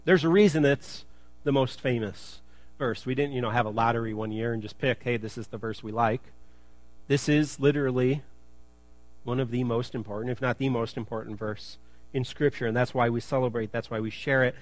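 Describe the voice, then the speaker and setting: A man's voice: mid-range voice, fairly quick, no echo. A male pastor preaching a sermon in church, chatty and joking, then building to emphatic repetition.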